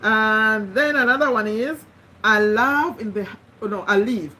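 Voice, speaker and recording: A woman's voice: fairly high pitch, moderate pace, pushed and bright. A woman hosting a motivational live stream, speaking in an earnest, encouraging way, repeating phrases and often restarting sentences.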